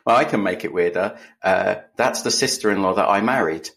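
A podcast co-host chats casually and tells stories with dry, self-deprecating humor. His voice is low, a bit bright and has vocal fry, and he talks briskly.

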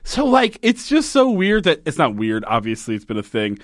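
A man co-hosting a podcast, recapping a show in loose, profane casual chat and acting out the characters' lines in quick voices. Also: on the high side, huge pitch swings, dry recording, studio quality. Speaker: podcast co-host.

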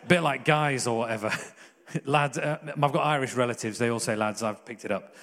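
A man's voice: mid-range voice, moderate pace, fairly bright tone, in a large hall. A man preaching a sermon, earnest and conversational, with jokey asides.

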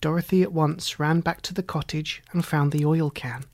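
A narrator reading a children's storybook aloud in a measured way, sometimes dropping near a whisper. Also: medium pitch, steady tone. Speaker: audiobook narrator.

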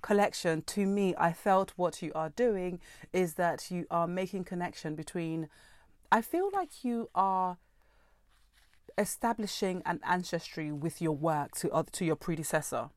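Measured woman interviewer, dry sound. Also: fairly low pitch, no echo. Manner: measured, analytical questioning. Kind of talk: literary interview.

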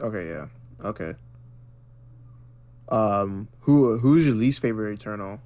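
A man's voice: on the low side, lively intonation, measured pace, warm tone. An American man co-hosting a podcast, chatting casually and full of slang and filler words. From United States. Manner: slangy, says bro and freaking a lot. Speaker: podcast co-host. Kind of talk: casual chat.

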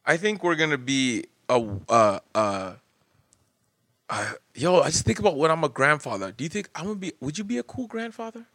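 A man in his thirties hosting a casual podcast chat, laughing often and shouting out listeners. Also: fairly high pitch, lively intonation, a little fast, no room sound, studio quality. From Canada. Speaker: podcast host.

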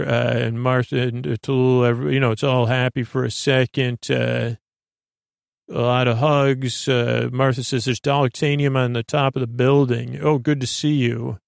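Gravelly rambling man, drowsy storyteller. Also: mid-range voice, fairly even intonation, measured pace, no echo, studio quality. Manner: meandering, full of filler words. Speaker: podcast host. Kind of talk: rambling sleep-aid retelling of a TV episode.

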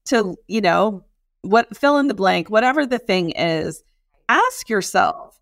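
A woman's voice: mid-range voice, big pitch swings, unhurried, no room sound, studio quality. A middle-aged woman co-hosting a podcast in casual chat, emphatic and encouraging, with frequent affirmations. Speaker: podcast co-host.

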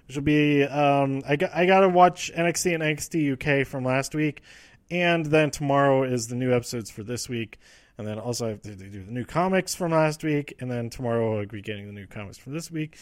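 A man hosting a casual, rambling recap show from a quiet home room, full of fillers and restarts. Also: medium pitch, no room sound. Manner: rambling, frequent fillers and restarts, quotes wrestlers in quick asides. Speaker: podcast host recapping wrestling.

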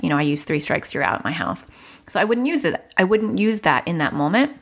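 A woman's voice: on the low side, lively intonation, a little fast. A middle-aged woman hosting a parenting advice podcast, chatty and self-mocking, sometimes acting out what a child might say. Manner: chatty, laughs at herself, acts out child voices. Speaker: podcast host.

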